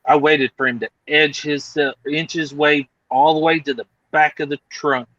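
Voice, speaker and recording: A man's voice: fairly high pitch, moderate pace, dry recording, lo-fi sound. A man telling a story in casual chat over a video call, acting out the other people in it. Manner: animated, acts out other people's lines.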